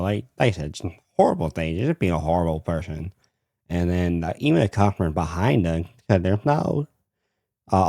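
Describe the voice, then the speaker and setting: A young man rambling through a casual storytime about his retail job. His voice sits very low, with a dark, mellow tone. The sound is dry and close, full of fillers and restarts. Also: no room sound. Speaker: retail worker telling a story.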